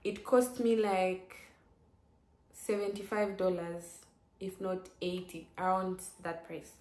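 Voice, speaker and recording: A young woman vlogger telling a personal story in a chatty, lively way, with lots of "like" fillers and sudden exclamations. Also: fairly low pitch, slow. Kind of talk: casual storytelling. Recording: roomy echo.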